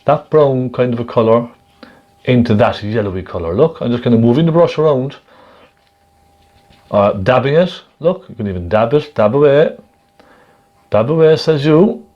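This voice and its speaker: A man gently demonstrating a painting technique step by step, chatting and checking in with the viewer as he works. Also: mid-range voice, animated, normal speed, pauses often, dull audio. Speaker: painting instructor.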